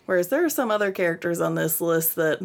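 Woman co-host, casual book chat, a bit of vocal fry, quick to laugh and trail off. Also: fairly low pitch, animated. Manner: chatty, laughs often, trails off mid-sentence. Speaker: podcast co-host.

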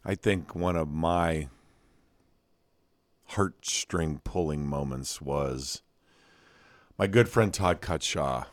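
A man's voice: very deep voice, slow, long pauses, no echo. A man co-hosting a casual podcast chat, easygoing, with short agreeing replies between his own stories.

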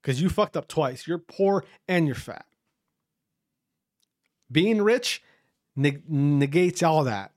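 A man's voice: on the high side, expressive, slow pace, long pauses, a little mellow, no room sound, studio quality. A man in his thirties hosting a podcast, chatting casually in a rambling, profane manner full of restarts. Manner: rambling, profane, self-interrupting. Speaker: podcast host.

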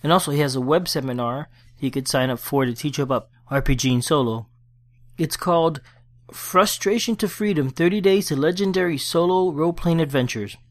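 A man hosting a solo gaming podcast, chatting casually and then reading a war story aloud in his own plain voice. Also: a little high. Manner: conversational, quick restarts, reads report plainly without accents. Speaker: podcast host. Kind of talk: casual podcast talk and read-aloud session report.

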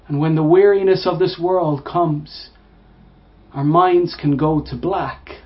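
A man preaching a sermon to listeners, repeating words, swelling to emphatic peaks and falling to hushed, low phrases. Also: normal speed. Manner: repeats and restarts words, rising to emphatic bursts. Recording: dull lo-fi sound.

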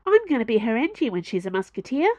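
A woman's voice: medium pitch, wildly swooping pitch, fairly quick, gravelly, no echo, lo-fi sound, heavily acted. A woman voicing an eager, cheerful young female engineer, a kid full of enthusiasm, in a storybook reading. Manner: bright and eager.

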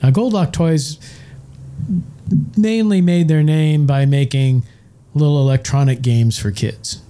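A man's voice: a little high, measured pace, warm tone. A man co-hosting a casual chat show, rambling and enthusiastic as he talks. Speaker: co-host, show's chief engineer.

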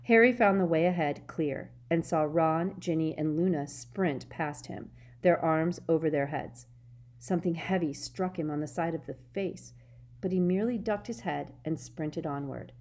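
Woman narrating an audiobook, low voice. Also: moderate pace, darkish tone.

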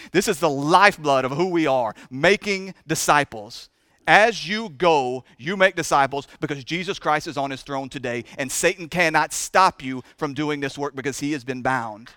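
A man preaching a sermon in a church, impassioned and repetitive, moving between hushed and loud delivery. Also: fairly high pitch, no echo, studio quality. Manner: chokes up with emotion. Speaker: pastor. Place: church sanctuary.

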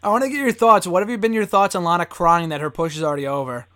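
A man's voice: sits high, very fast, sharp tone. A man hosting a casual chat, blunt and profane and often laughing. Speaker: podcast host.

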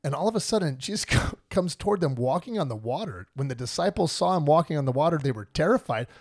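Animated man retelling a Bible story. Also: on the high side, fast talker, no room sound, studio quality. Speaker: podcast host. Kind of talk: casual Bible discussion.

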